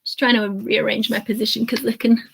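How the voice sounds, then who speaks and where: A woman's voice: on the high side, little pitch movement, a little fast, creaky, noisy background. A woman co-hosting a live watch-along show, giggly and sarcastic while reading out comments. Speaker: co-host.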